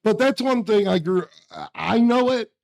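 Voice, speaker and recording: Blunt folksy dude cohosting a podcast, gravelly fry in a high-ish voice. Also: male voice, a little slow. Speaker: podcast co-host. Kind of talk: casual chat.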